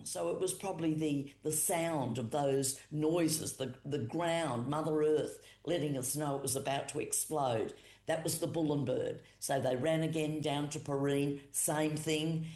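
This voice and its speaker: An Australian storyteller from Boandik country, telling a creation story in an unhurried, repetitive way with pauses and emphatic retellings. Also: mid-range voice, steady tone, mellow. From Boandik country, South Australia. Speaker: Aboriginal storyteller and cultural educator. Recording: echoey room.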